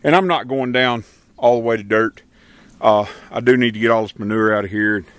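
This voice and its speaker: A man's voice: on the low side, fairly quick, clear, resonant tone, dry recording. A man, casually narrating his chores outdoors in an animal pen, folksy and easygoing. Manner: folksy and rural, talks to his animals between explanations, calls dogs loudly. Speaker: homesteader filming his chores. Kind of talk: casual vlog narration while working.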